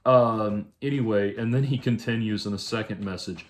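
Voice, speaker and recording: A man, a musician, talking through a casual, rambling monologue to camera, halting often and adding dry sarcastic asides. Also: fairly low pitch, steady tone. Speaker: musician vlogger.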